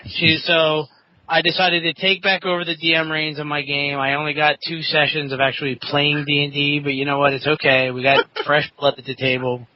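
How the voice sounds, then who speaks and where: A man's voice: on the high side, level tone, a little fast, slight background noise. A man co-hosting a casual tabletop gaming podcast, rambling through a story and acting out the people he quotes. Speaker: podcast co-host, game master. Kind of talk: casual chat. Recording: dull lo-fi audio.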